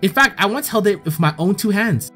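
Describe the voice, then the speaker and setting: A man's voice: high-pitched, expressive, a little fast, sharp tone, full character voice. A man voicing a sly female reporter defending a case in court, with a smug, theatrical delivery. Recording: faint game music behind.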